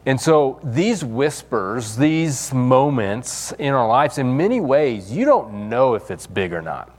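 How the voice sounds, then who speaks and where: A male pastor preaches in a loose, conversational way, often restarting his sentences and leaning on fillers. His voice sits at an ordinary middle pitch. A long reverb hangs behind him, as in a church hall. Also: big pitch swings, takes it slowly. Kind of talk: sermon.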